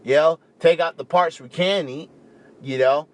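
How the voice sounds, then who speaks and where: A young man from the Caribbean talks casually and at length, his voice sitting a little higher than most men's. He rambles in an animated way, tossing in "you know" and "right" constantly. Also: unhurried. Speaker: vegan speaker. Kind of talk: casual talk to camera.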